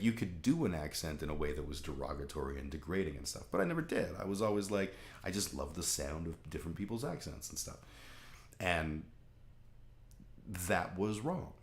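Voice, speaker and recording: A man's voice: deep voice, roomy sound. A man from Canada talking candidly in a rambling, casual monologue, swearing freely. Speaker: vlog host.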